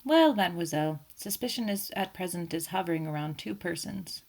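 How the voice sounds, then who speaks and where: A fussy elderly Belgian detective speaks, voiced by a woman reading an audiobook. His tone is gentle, ironic and teasing, and the voice sits slightly above her own low register. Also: animated, brisk, creaky. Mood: gently evasive. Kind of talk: audiobook character voice.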